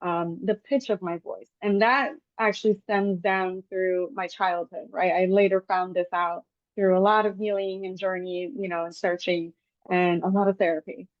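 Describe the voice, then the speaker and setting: A woman hosting a podcast, chatting casually and telling lively stories with animated quoted asides. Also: lowish voice, moderate pace, no echo. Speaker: podcast host. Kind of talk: casual interview chat. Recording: dull, dry lo-fi podcast audio.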